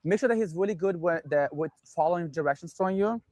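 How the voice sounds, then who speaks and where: A man working as a dog trainer, calmly explaining his method and giving short commands to a dog. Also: high voice, fast, no echo. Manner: calm, instructive, gives short commands to a dog.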